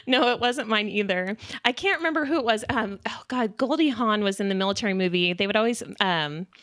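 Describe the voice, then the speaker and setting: A woman's voice: medium pitch, expressive, brisk, a bit bright, no room sound, studio quality. A young woman host from Idaho, telling stories in a bubbly, giggly way during a casual interview. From Idaho, United States. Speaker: podcast host.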